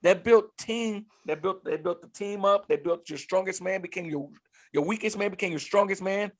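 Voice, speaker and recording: A middle-aged man, a former Marine and podcast co-host, telling animated stories in casual chat, often repeating himself and swearing. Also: high voice, normal speed, dry recording.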